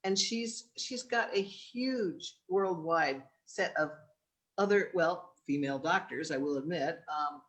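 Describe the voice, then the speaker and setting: A woman's voice: lowish voice, a bit bright. Rambling woman author on a video call. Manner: thoughtful, rambling, many restarts. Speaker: guest author. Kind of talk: casual chat.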